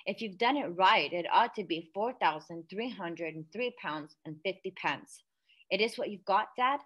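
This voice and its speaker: A woman voicing a calm, clever young girl who speaks quietly and gently. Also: mid-range voice, moderate pace, lo-fi sound, natural voice. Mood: gentle. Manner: quiet, gentle, matter-of-fact.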